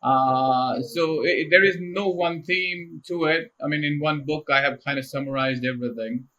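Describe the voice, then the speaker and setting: A middle-aged man tells stories as a podcast guest. His voice sits a little high for a man and has a forceful, bright edge. He laughs often as he tells his stories. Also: normal speed, muffled recording. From India. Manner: animated, laughs often while telling anecdotes. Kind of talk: casual storytelling interview.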